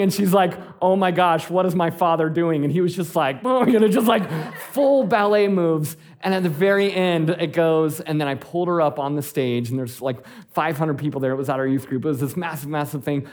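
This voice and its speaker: Brief: male pastor in his forties, fairly high voice, animated storyteller who laughs often. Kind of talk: sermon.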